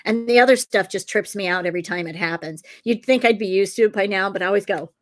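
A woman's voice: mid-range voice, quick pace. Her voice sits in a middle register. She is a woman guest on a video call who tells her case stories loosely. She drifts between asides and fillers, then picks the thread back up. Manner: rambling, circling back with fillers. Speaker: psychic detective and author. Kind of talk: casual interview storytelling.

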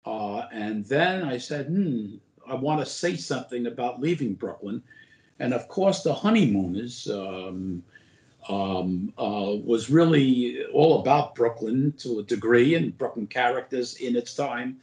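A man's voice: mid-range voice, expressive, a little slow, darkish tone. An older man who is a former borough president, telling stories as an interview guest in a rambling way, with lots of "uh" and restarts. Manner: rambling anecdotes full of "uh" and restarts. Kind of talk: casual interview storytelling. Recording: roomy echo.

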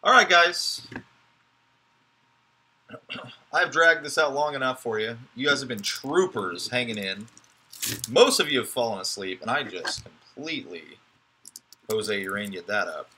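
A man's voice: mid-range voice, lively intonation, measured pace, long pauses, bright, forceful tone, a little hiss or hum. A man hosting a live card break, giving chatty, joking running commentary as he opens packs.

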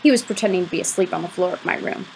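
A woman reading a novel aloud as an audiobook, giving the first-person narration a lively, expressive delivery. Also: on the low side, racing, slight background noise, poor audio. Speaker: audiobook reader.

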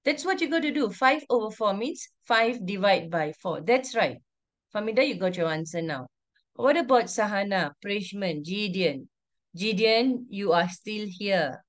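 A woman's voice: medium pitch, expressive, unhurried. A woman teacher, teaching an online class over a video call, firmly repeating instructions and calling on pupils by name. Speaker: primary school teacher.

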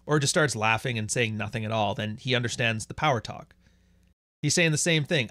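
A man's voice: mid-range voice, brisk, a bit bright, no echo. A man hosting a livestream, talking bluntly with plenty of swearing as he reads out viewer donations. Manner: blunt, profane, reads out super chats. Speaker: livestream host. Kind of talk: casual livestream monologue.

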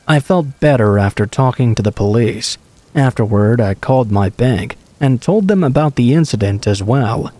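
A man reading true scary stories aloud in a calm, steady first-person narration. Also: mid-range voice. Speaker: horror story narrator.

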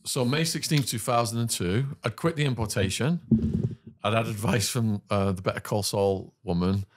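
A British man with a fairly low voice tells a story as a podcast guest. He is animated and vivid, breaking into quick laughs and side remarks. The sound is close and dry, with no room in it. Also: no echo. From Britain. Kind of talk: storytelling in conversation.

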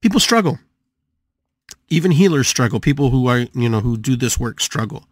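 Animated older man, dry close sound. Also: moderate pace, dry recording. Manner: animated, repeats phrases, wide pitch swings. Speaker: podcast host and shamanic healer. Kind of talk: live podcast monologue.

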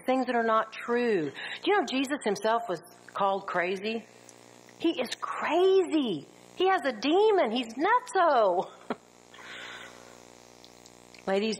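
Middle-aged woman teaching a Bible study, animated, asks rhetorical questions, average pitch, faint noise. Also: low-quality recording. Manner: lively, rhetorical questions, acts out quotes.

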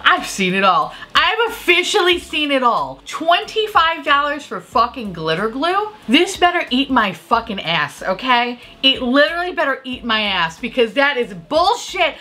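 Woman beauty vlogger, bright voice, wildly swinging pitch, profane and exasperated, faint room noise. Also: normal speed, few pauses. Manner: exasperated, profane, animated ranting. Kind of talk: profane ranting commentary on product prices.

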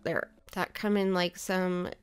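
A woman giving casual gameplay commentary, chatting and thinking out loud as she decorates, with playful asides. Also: lowish voice, little pitch movement, takes it slowly, smooth, faint music behind. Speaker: gaming video creator.

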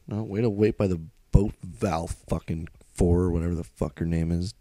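Dark-voiced cursing gamer man. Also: low-pitched, steady tone, normal speed, few pauses, no echo. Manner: profane, grumbling, calls out the game's unfairness. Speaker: let's play gamer. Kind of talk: video game commentary.

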